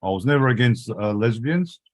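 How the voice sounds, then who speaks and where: A man's voice: mid-range voice, expressive, moderate pace, background noise. A man speaking frankly in a casual livestream chat, rambling and agreeing often. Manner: rambling, frank, says yeah a lot.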